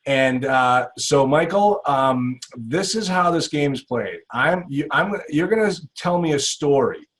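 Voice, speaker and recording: A man's voice: a little high, lively intonation, a little slow, fairly bright tone. A man hosting a real estate investing podcast, chatting casually and reacting with enthusiasm. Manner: enthusiastic, reacts with "wow" and laughs. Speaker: podcast host. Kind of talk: casual interview chat.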